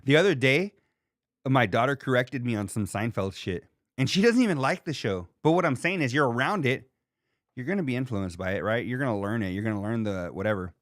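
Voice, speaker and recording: Animated, profane man hosting a podcast. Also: mid-range voice, brisk, dry recording, studio quality. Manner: animated, profane, laughs and mimics people. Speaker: podcast host. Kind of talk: casual chat reading live chat.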